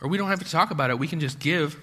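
Bright-voiced male pastor in a reverberant hall. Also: on the high side, racing, husky. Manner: conversational, acts out quoted voices, rhetorical questions. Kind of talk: sermon.

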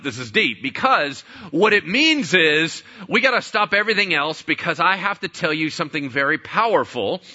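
A man's voice: high-pitched, pushed and bright, muffled recording. A man preaching a sermon as pastor, conversational, with rhetorical questions and playful asides.

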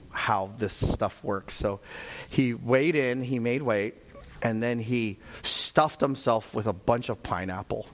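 A middle-aged pastor with a mid-range voice preaches a sermon, telling a story in an animated way. Now and then he shouts for emphasis.

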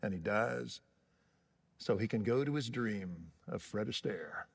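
A man from Waco, Texas, preaching a sermon as pastor, telling stories and swelling to loud emphasis on key words. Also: on the low side, animated, measured pace, vocal fry, breathy edge, in a large hall.

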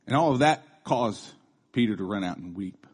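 A man's voice: lowish voice, animated, normal speed, darkish tone, slightly rough. A man in his thirties giving a casual, conversational sermon, chatty, with restarts and asides. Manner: acts out quoted voices. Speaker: preacher.

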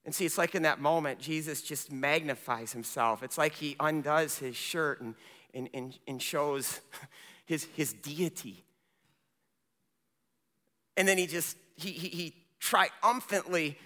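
A male pastor preaching a sermon with passion, swinging between loud emphasis and hushed, quiet moments. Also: a little high, a little slow. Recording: long church reverb.

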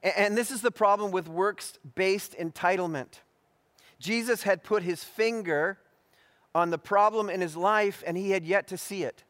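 Higher-voiced male preacher in a reverberant hall. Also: fairly bright tone. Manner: measured, deliberate delivery with frequent restarts and fillers. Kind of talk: expository sermon.

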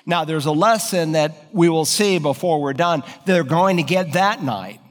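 A man's voice: a little high, moderate pace, big-room sound, faint music behind. A man preaching an expository sermon, explaining Greek word order and building to emphatic peaks. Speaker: pastor.

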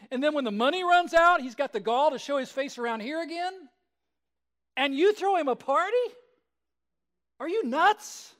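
A man's voice: very high voice, a bit bright, voice pushed up. A male preacher voicing a resentful older brother who rants indignantly with rhetorical questions. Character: bitter resentful older brother, young man.

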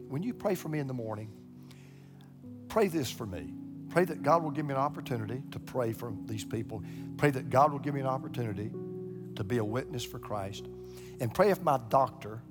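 Older pastor preaching over soft guitar. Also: male voice, mid-range voice. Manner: animated, repeats words when excited, acts out quoted voices. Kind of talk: sermon storytelling.

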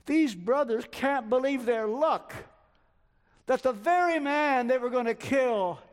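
A man's voice: very high voice, slow pace, smooth. An older man preaching a sermon, telling a story and acting out the quoted lines of its people. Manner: storytelling, acts out quoted dialogue. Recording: long hall reverb.

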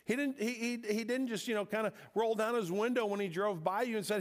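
A middle-aged man from the American Midwest preaching a conversational sermon, telling stories and often repeating words as he gathers his thoughts. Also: high voice. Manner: conversational preaching with storytelling asides, repeats words when pausing. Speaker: pastor.

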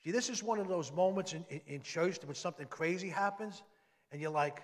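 A man delivers a sermon from the pulpit, his voice sitting a little high. He speaks conversationally, then leans hard on key words. The church hall carries a long reverb behind him. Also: expressive, fast talker. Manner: conversational preaching with emphatic rises. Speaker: pastor.

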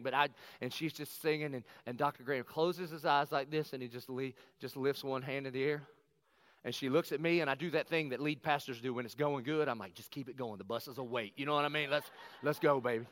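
A middle-aged man, a pastor, telling a personal story in a lively conversational sermon and acting out the quotes. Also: fairly high pitch, no echo. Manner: animated, conversational, acts out quotes.

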